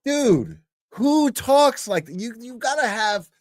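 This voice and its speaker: A commentary host with a very high, expressive voice takes his time on a casual reaction show, speaking bluntly, swearing a lot, and rambling with many filler words. The audio is studio quality with no room sound.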